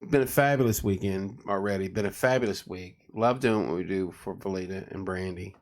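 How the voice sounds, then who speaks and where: A man's voice: deep voice, brisk. A tired man hosting a casual late-night livestream, joking around and reading viewer comments aloud. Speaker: livestream host.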